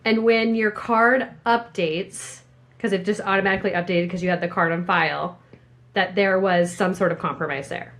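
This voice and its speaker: A woman's voice: fairly low pitch, fairly even intonation, moderate pace, a bit bright. A woman hosting a casual chat, giving short replies and reasoning aloud. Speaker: podcast host.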